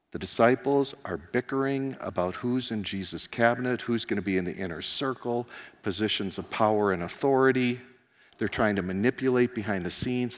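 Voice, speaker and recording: Preacher in a reverberant church hall. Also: male voice. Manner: animated storytelling, voicing characters with rising pitch and volume. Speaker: pastor. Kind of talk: sermon.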